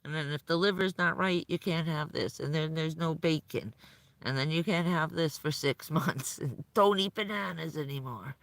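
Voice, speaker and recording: A woman's voice: low voice, normal speed, dry recording. A middle-aged woman chatting on a casual live stream, rambling and laughing often. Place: vehicle at night in the cold.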